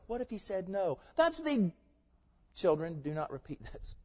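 A man preaching a sermon in a voice a little higher than most men's. He drops into quiet, chatty asides, then builds to loud, forceful declarations. The sound is somewhat muffled, with a long reverb tail trailing off in a large sanctuary. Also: very animated, moderate pace. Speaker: pastor.

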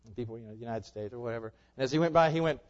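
A man's voice: medium pitch, racing, a little mellow. A man preaching a sermon in a church, pressing his listeners with rhetorical questions. His voice carries a long hall reverb, and the recording sounds a little dull. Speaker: pastor. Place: church sanctuary.

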